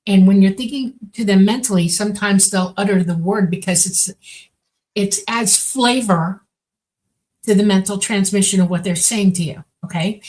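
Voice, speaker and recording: A woman's voice: medium pitch, darkish tone, rough recording. A woman co-hosting a casual interview, explaining earnestly and checking in with "okay".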